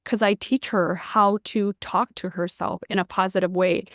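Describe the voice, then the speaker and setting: A woman's voice: mid-range voice, normal speed, few pauses, dry recording, studio quality. A woman, hosting a motivational podcast, emphatic and casual, with swearing. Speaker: podcast host.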